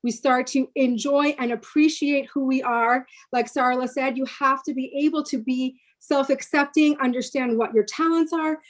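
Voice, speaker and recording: A woman's voice: sits high, fairly even intonation, normal speed, hardly any pauses. A woman panelist on a video call, speaking earnestly and reflectively on a spiritual topic and repeating words for emphasis.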